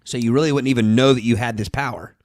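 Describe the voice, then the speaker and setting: A man's voice: mid-range voice, fairly even intonation, quick pace, no echo, studio quality. A man co-hosting a podcast, chatting casually and reasoning things out. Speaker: podcast co-host. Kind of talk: casual chat.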